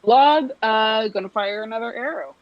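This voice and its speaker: A woman playing in a tabletop game, hesitant and counting dice out loud. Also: a little high, moderate pace, dry recording, muffled recording. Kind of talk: casual chat.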